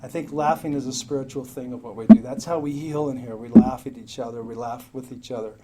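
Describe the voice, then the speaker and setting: A man's voice: medium pitch, lively intonation, a little fast, vocal fry, crowd noise. A middle-aged man from Utah sharing his recovery story at a meeting, frank and profane, often laughing at himself. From Salt Lake City, Utah, US. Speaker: AA meeting speaker. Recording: hissy amateur meeting tape.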